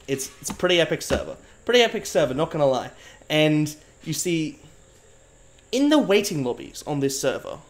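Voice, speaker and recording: Young man, streamer, rambling mock-serious chat with viewers, slightly higher voice. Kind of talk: casual live-stream chat.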